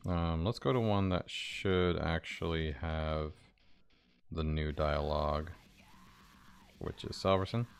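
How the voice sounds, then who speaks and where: A man developing a game on a live stream, talking to himself and swearing casually, his voice a bit hoarse. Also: very deep voice, slow pace, long pauses, shouting, soft background music.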